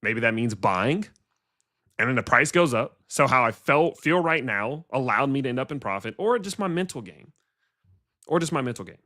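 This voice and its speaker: A man's voice: medium pitch, animated, normal speed, bright, forceful tone. Blunt, swearing male crypto streamer. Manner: blunt and profane, with rhetorical questions to viewers. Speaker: crypto livestream host. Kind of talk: casual livestream rant.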